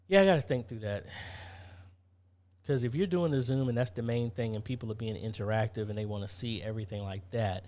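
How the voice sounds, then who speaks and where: A man's voice: lowish voice, a little mellow. A man hosting a casual live-stream Q&A, chatty, reading viewer comments aloud and answering them.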